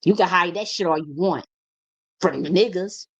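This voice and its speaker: A woman holding forth in a heated, preachy monologue, her voice sitting a little low. She talks bluntly, swears freely and hammers her points by repeating them. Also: moderate pace, breathy edge. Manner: emphatic, repeats phrases for stress. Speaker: spiritual teacher. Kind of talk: impassioned monologue.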